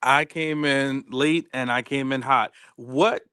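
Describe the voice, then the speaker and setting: Brief: male panelist, relaxed and joking, smooth resonant voice, casual review chat. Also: medium pitch, takes it slowly, dry recording, clean studio sound. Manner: laid-back, joking, laughs at his own lines.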